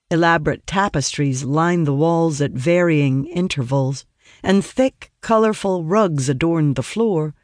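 A man narrating a fantasy audiobook in a steady, measured way. His voice sits a little high for a man and is recorded close and dry, with no room sound. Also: no room sound.

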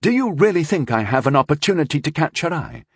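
A man's voice: a little high, very animated, fast, husky, no echo, clean studio sound, pitched above the performer's own voice, exaggerated voice. A man voicing a young, self-doubting student, plaintive and incredulous. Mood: hopeful.

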